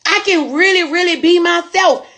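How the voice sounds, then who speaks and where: A woman's voice: very high-pitched, moderate pace, a bit bright. A woman store owner telling a motivational testimony in a folksy, preachy storytelling way.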